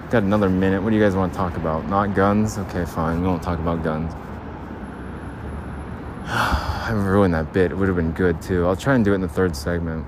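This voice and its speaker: Blunt, ranting low-voiced man outdoors. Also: fairly quick, noisy background. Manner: blunt, ranting, swears casually, talks to himself. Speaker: podcast host. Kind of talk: rambling solo podcast monologue.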